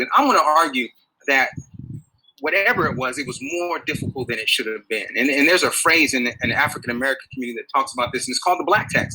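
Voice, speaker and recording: A man giving a public talk to an audience, animated and full of rhetorical questions. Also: mid-range voice, slight background noise, low-quality recording. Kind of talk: public lecture.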